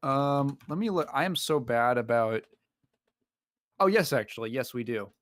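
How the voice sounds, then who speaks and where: A man joining a game stream as a guest. His voice is medium in pitch and easygoing. He chats in a relaxed way, chuckles often, and reads messages from chat aloud. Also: moderate pace. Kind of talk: casual chat.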